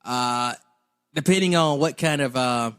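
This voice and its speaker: A young man co-hosting a comedy podcast, reading out facts with frequent giggles in a casual, animated way. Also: mid-range voice, measured pace, clean tone. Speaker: podcast co-host.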